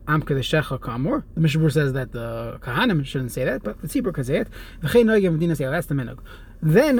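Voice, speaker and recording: A man with a somewhat high voice teaches a Jewish law class. He reads a line from the text, then stops to explain it in plain speech, often pausing to restart a phrase. His delivery stays steady and explanatory throughout. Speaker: Torah teacher. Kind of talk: halacha lesson, reading and translating text.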